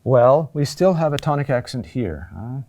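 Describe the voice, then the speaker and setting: A man teaching a recorded lesson on Latin chant, explaining patiently and often checking in with a quick "huh?". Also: mid-range voice, animated, a little mellow.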